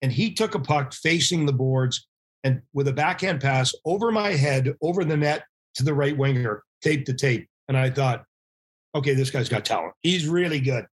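A middle-aged man, a former hockey goalie, telling animated anecdotes as a podcast guest and acting out quoted voices. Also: medium pitch, moderate pace, breathy edge. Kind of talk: casual storytelling interview.

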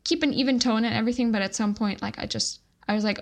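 A woman's voice: fairly high pitch, fast talker. A young adult woman co-hosting a podcast, telling a story in casual chat and filling her speech with "like". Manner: chatty, fills speech with "like". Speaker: podcast co-host.

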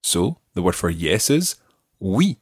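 A man teaching a recorded language lesson, explaining patiently and saying the model words slowly. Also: on the low side, very animated, slightly rough, dry recording, studio quality.

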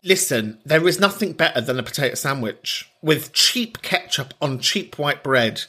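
A male podcast host riffs in a theatrical, teasing way, his bright voice swooping up and down. He talks fairly high for a man and jumps into loud outbursts. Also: expressive, moderate pace, husky. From Ireland. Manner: theatrical, teasing, bursts into shouts. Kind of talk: comic podcast chat.

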